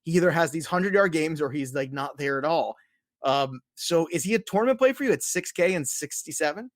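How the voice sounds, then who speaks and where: Man, podcast host, casual sports talk, upbeat, fairly high, dry mic. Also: expressive, a little fast, dry recording. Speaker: fantasy football podcast host.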